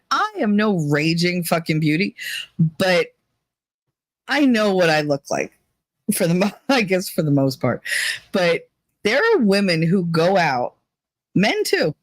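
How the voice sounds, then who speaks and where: A woman hosting a podcast, telling a gossipy story in a casual, profane way, laughing often and jumping up in pitch for punchlines. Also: no echo. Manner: animated, jumps up in pitch for punchlines. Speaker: podcast host.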